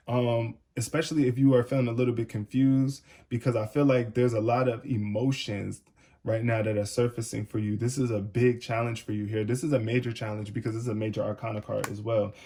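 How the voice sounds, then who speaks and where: A man's voice: mid-range voice, mellow. A man giving a casual tarot reading to camera. He talks straight to the viewer and often says "it's like". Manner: casual, repeats "it's like", addresses the viewer directly. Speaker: tarot reader.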